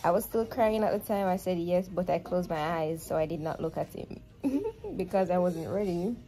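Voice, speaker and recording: A woman's voice: fairly low pitch, normal speed, dark tone. A woman with a Jamaican accent chatting casually to camera as a vlogger, telling a story and slipping into patois. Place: hospital maternity room, in bed.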